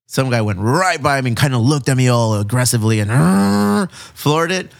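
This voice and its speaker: A man, hosting a casual chat in a mid-range voice. He tells stories with animated, profane energy and throws in plenty of slang. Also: medium pitch, moderate pace, creaky. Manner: animated, profane storytelling with lots of "bro" and "dude". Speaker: podcast host.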